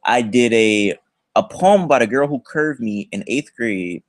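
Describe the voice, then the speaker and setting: Brief: young male streamer, slangy and animated, pitch jumping all over while he tells stories. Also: a little slow, no echo, clean studio sound. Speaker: livestream host. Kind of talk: casual livestream storytelling.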